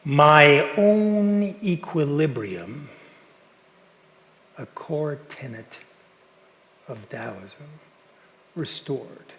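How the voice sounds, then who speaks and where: A man minister telling a personal story in a sermon, in a relaxed, halting way with frequent restarts, in a church. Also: a little high. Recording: long hall reverb, faint ambience.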